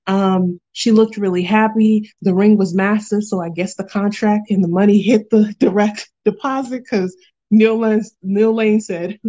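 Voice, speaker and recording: A woman hosting a casual reality TV recap, animated and slangy, laughing often. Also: medium pitch, a little slow, highs cut off. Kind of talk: casual chat.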